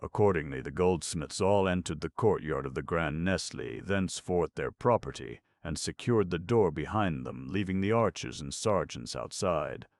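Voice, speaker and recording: Brief: male audiobook narrator, very low and gravelly, measured classic-novel reading. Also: lively intonation, no room sound, studio quality. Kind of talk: scripted narration.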